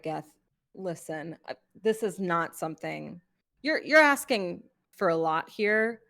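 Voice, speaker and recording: A woman playing a tabletop game, speaking hesitantly with frequent pauses and fillers. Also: fairly low pitch, a bit bright. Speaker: player.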